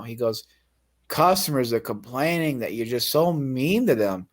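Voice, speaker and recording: A man's voice: mid-range voice, lively intonation, normal speed. A man in casual chat, telling a story in a profane, ranting way. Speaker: guest telling his story.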